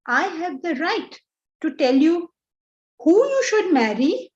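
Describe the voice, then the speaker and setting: A high-pitched woman with an Indian accent lectures her students on Vedanta. She talks in an animated, scolding way and fires off rhetorical questions. The recording sounds dull and lo-fi. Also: slow. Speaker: Vedanta teacher.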